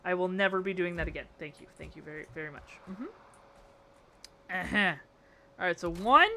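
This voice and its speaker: Young female streamer, bright tone, casual chat, quick exasperated reactions. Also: fairly low pitch, a little hiss or hum. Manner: playful, exasperated, reacting to chat with frequent laughter. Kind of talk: casual live-stream chat while building in a game.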